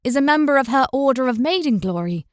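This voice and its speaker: A woman's voice: high-pitched, animated, quick pace, dry recording, studio quality. A woman voicing a determined, outspoken young heroine in a fantasy audiobook, firm and insistent. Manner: forceful, insistent.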